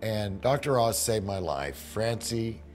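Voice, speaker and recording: An older man from the United States chatting in a video diary, emotional and folksy with rough jokes. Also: on the low side, animated, takes it slowly, darkish tone, soft background music. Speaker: reality TV bounty hunter. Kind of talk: casual video diary chat.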